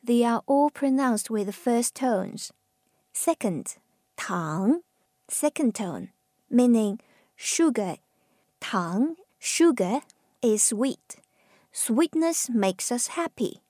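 A woman from China with a Chinese accent, teaching Mandarin tones with patient, drawn-out model words. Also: a little high, lively intonation, warm tone, no room sound, studio quality. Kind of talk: slow pronunciation lesson.

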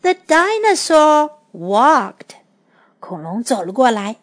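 Slow, bright-pitched woman storyteller. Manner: slow, clear, expressive storytelling. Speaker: English teacher and storyteller. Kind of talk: bilingual children's story reading.

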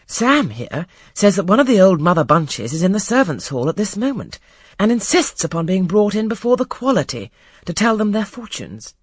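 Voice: mid-range voice, very animated, normal speed, slightly rough, no echo, studio quality, pitched above the performer's own voice. A reader voicing a commanding middle-aged male colonel in a storybook reading, speaking in an urgent, persuasive way.

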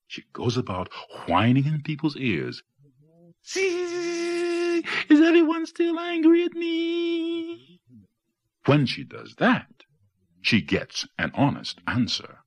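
A man reading a children's picture book aloud as the storyteller, with expressive delivery and playful sound effects. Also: lowish voice, breathy edge.

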